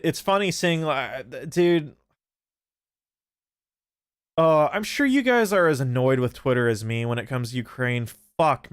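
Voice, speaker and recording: A young man hosting a livestream, chatting casually and profanely, with many restarts and animated outbursts. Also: mid-range voice, smooth, no echo, clean studio sound. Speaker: streamer host.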